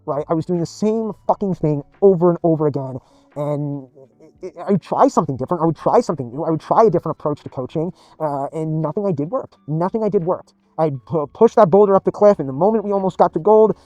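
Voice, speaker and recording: A man with a slightly high voice tells a rambling personal story. He is emphatic, repeats himself and swears freely. The sound is close and dry, with faint music underneath. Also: quick pace, darkish tone, no echo. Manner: emphatic and repetitive, swears often. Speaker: gaming video creator.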